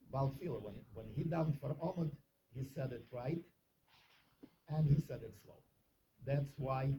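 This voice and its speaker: A man with a Russian accent telling stories in a casual talk, halting often and searching for his words. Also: mid-range voice, vocal fry. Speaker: speaker telling personal stories. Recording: muffled recording with faint hiss.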